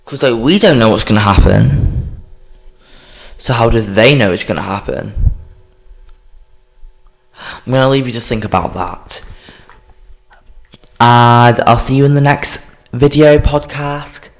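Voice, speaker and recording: A man's voice: mid-range voice, unhurried, creaky, long pauses. Rambling guy podcasting solo. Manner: rambling, sighing, talking straight to the listener. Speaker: podcast host.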